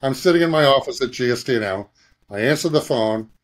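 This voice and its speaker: A middle-aged man with a mid-range voice, an advertising creative director, joins a conversation as a guest and tells an anecdote at a fairly quick clip. He's animated, slipping into other people's voices and acting out sound effects along the way.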